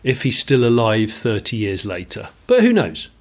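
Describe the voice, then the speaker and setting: A man in his forties, co-hosting a podcast and telling an animated anecdote with frequent laughter. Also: fairly low pitch, moderate pace. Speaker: podcast co-host. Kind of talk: casual chat, storytelling.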